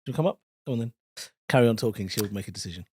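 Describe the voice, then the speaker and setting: Expressive male podcast co-host, bantering. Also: mid-range voice, breathy edge, dry recording, clean studio sound. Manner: bantering, quick questions, swears casually. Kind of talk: casual comedic chat.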